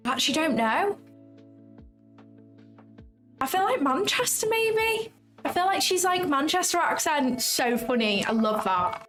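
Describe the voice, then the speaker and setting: A woman's voice: high voice, big pitch swings, unhurried, pauses often, a bit bright. A young woman hosting a casual livestream, chatting in an effusive way and often saying "like" and "um". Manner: chatty and effusive, drops in lots of "like" and "um". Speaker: trading livestream host. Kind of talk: casual livestream chat, reading out viewer comments. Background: faint background music.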